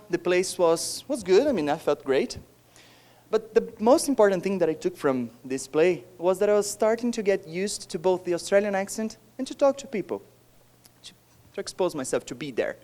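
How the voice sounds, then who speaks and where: Brazilian-accented young man, slightly high. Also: sing-song, moderate pace, a little mellow. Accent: Brazilian Portuguese. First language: Portuguese. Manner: self-deprecating, joking, laughs between lines. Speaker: conference speaker. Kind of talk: conference talk. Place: conference hall.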